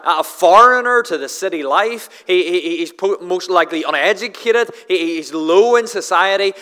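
A man's voice: on the high side, fairly bright tone, clean tone. A man with a Northern Irish accent preaching a sermon, often stumbling over repeated words as he starts a sentence and acting out the quoted lines. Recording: long hall reverb.

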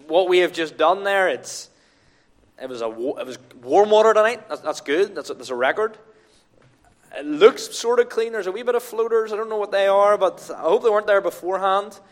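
A man's voice: sits high, fairly bright tone. A man preaching a sermon at a baptism service in church, earnest and emphatic, repeating his key phrases. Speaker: pastor.

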